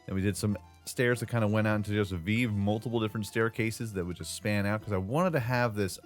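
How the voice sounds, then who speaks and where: A man with a somewhat low voice talks through a gameplay tour in a loose, joking way, full of slang and asides. He sounds like a regular channel host speaking into a desk mic as a voice-over. Faint game music sits quietly behind him. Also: fast. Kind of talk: casual gameplay commentary.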